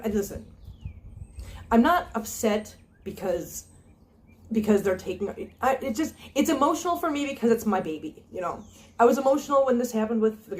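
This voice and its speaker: Her voice is mid-range with a darkish tone as she vlogs casually to her cat channel's viewers on a phone camera. She comes across as earnest and chatty, though she ums and restarts frequently.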